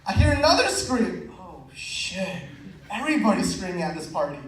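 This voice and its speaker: A man's voice: high voice, normal speed, vocal fry. A young man performing a stand-up comedy set, telling a story and acting out the quotes. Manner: animated storytelling with acted-out quotes. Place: comedy club stage. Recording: very echoey room, picked up from a distance.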